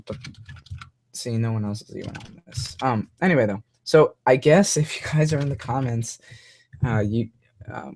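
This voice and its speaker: A man's voice: medium pitch, a little mellow, no room sound. A young man hosting a live stream, chatting casually and rambling with many fillers and restarts. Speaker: host of a live toy-review show.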